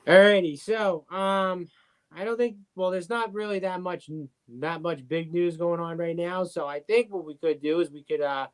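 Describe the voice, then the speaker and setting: A man's voice: high-pitched, normal speed, clean tone. A man hosting a casual racing podcast, easygoing and agreeable in his delivery. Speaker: podcast host. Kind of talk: casual sports talk.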